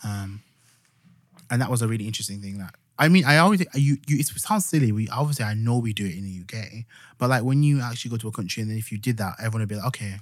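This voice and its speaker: A man's voice: fairly low pitch, rapid-fire, no room sound, clean studio sound. A young man with a Yorkshire accent, co-hosting a podcast in casual chat, rambling with many fillers and restarts as he retells stories. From Yorkshire, England. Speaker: podcast co-host.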